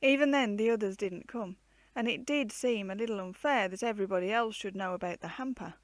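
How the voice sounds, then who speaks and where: A woman reading a children's storybook aloud with an expressive, varied storytelling delivery. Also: mid-range voice, brisk, no room sound.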